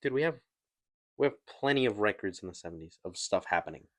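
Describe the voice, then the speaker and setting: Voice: low voice, lively intonation, fast. A podcast co-host who teases and laughs in casual chat, often giving short agreeing replies.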